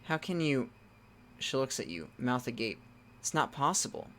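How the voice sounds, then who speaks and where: A man reading a text adventure game aloud, breaking off into loud startled exclamations, with game music playing behind him. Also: medium pitch, sing-song, normal speed, slight background noise.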